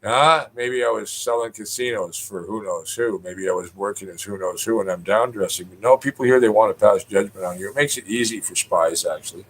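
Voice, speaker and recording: A man's voice: on the low side, brisk, few pauses, husky, poor audio. A middle-aged Canadian man ranting in a rambling spoken monologue, cursing freely and mimicking other people in raised voices. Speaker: poet.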